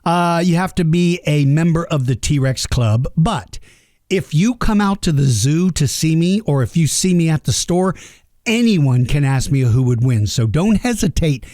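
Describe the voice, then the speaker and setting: A man's voice: fairly high pitch, lively intonation, normal speed, dark tone, dry recording, studio quality. A man hosting a dinosaur podcast for kids, talking casually, rambling and joking at himself. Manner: rambling and jokey, laughs at himself. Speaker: podcast host.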